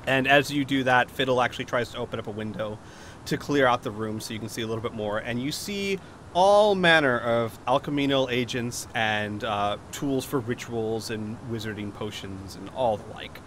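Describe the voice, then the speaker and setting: A man's voice: medium pitch, normal speed, fairly bright tone, slight background noise. A man narrating a tabletop role-playing game as game master, rambling at times with fillers and restarts.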